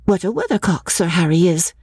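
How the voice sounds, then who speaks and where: A woman's voice: on the low side, expressive, brisk, dark tone, slightly rough, no echo, clean studio sound, pitched above the performer's own voice. A woman voicing a spirited young woman who protests and exclaims, in a dramatic reading of a classic novel. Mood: protesting.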